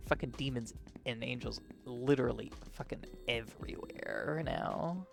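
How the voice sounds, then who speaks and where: Player doing a stern angel enforcer, low-key and scornful, pretty quiet and dry. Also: unhurried, vocal fry, over music. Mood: disdainful.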